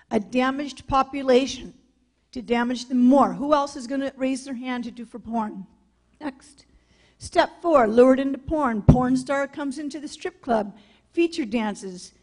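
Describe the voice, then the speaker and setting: A woman from California gives a public talk sharing her personal testimony, telling her story bluntly and candidly. Her voice is high-pitched and a little mellow.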